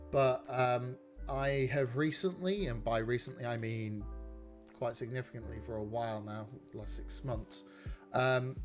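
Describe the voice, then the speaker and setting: A man hosting a casual live coding stream, rambling, chatting with viewers and poking fun at himself. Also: medium pitch. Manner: rambling, self-mocking, talks to chat.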